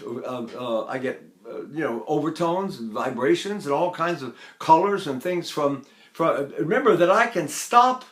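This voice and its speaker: Older male tenor voice teacher. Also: on the high side. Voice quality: trained tenor voice. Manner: conversational, many fillers, breaks into full operatic singing. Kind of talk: lecture with sung demonstrations.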